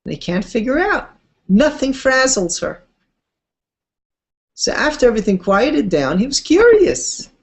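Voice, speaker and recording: A female Torah teacher leads a class built around storytelling. She takes her time, sounds conversational, and slips in casual side remarks while her pitch moves expressively.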